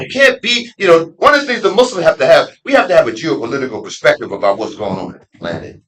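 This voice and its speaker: A middle-aged man, an imam giving a conversational Friday sermon with street slang, dropping to low asides and rising to loud emphatic peaks. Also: poor audio. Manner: street slang and laughter mixed into preaching. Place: mosque.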